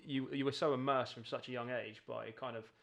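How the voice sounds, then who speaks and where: A man hosting a podcast, asking quick, eager follow-up questions in casual chat. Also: mid-range voice, steady tone, creaky, a bit bright. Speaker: podcast host.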